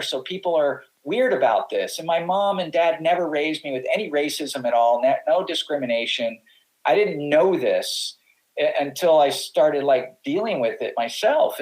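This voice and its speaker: The recording is rough, capturing a fairly high, slightly mellow male voice. He's a middle-aged pro surfer on a podcast, rambling through casual stories with frequent restarts and quotes he acts out.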